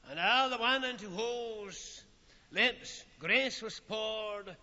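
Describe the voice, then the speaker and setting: A high, very bright male voice preaching a sermon at a slow, measured pace. He speaks with solemn weight and lets his phrases drop off into quiet pauses. The old lo-fi recording carries a long hall reverb.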